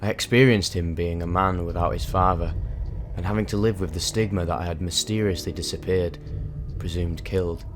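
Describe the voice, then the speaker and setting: A man with a low-pitched voice tells a harrowing personal story in dramatic first person, vivid, intense and full of emphasis. There's slight background noise behind him.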